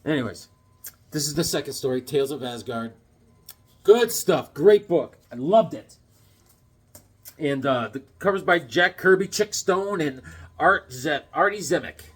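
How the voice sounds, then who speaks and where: In a slightly high, breathy voice, this comic book collector and channel host speaks a bit slowly and expressively, leaving long pauses. His casual review drifts all over the place, packed with cheesy puns and tangents.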